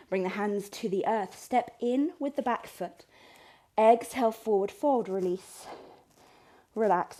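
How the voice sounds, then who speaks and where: A woman's voice: mid-range voice, mellow. A woman teaching a yoga class, calling out poses, breaths and counts in an encouraging way. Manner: encouraging, counts reps aloud. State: out of breath at times. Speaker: yoga instructor. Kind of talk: guided yoga class cues.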